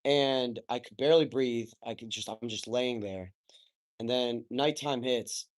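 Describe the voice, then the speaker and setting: A young man speaks as a podcast guest in a mid-pitched voice. He tells his story openly and with emotion, and he swears casually and keeps saying "like" and "bro." The delivery is loose and conversational. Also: measured pace. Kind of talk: candid personal storytelling.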